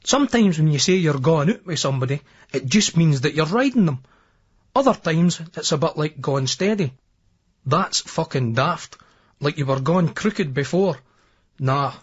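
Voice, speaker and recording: Narrating a first-person novel in a brash, crude, swaggering manner, a Scottish audiobook narrator speaks at moderate pace in an animated, slightly rough voice on the high side. It sounds like dull, lo-fi remastered old tape.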